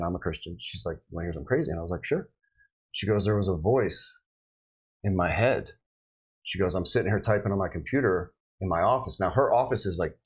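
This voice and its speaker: A man's voice: low-pitched, husky, poor audio. A middle-aged man, a police officer, telling a story in a casual podcast chat and acting out the voices he quotes. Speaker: police officer recounting a shooting.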